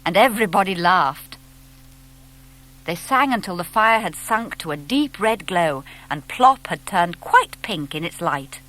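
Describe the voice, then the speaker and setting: A woman reading a children's storybook aloud. Her narration is slow and gentle, with a lively lilting melody and expressive phrasing. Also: on the low side. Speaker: audiobook narrator.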